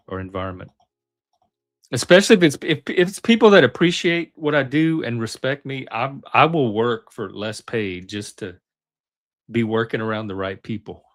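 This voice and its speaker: A man hosting a live panel stream, chatting casually in a relaxed, friendly way and laughing easily. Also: fairly low pitch, normal speed. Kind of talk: casual chat.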